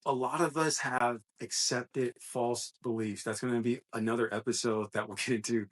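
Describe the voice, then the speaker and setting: A man's voice: medium pitch, steady tone, normal speed, fairly bright tone. Earnest motivational male gym coach. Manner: earnest, motivational, thinks aloud with restarts. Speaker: gym coach and podcast co-host. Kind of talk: casual podcast chat.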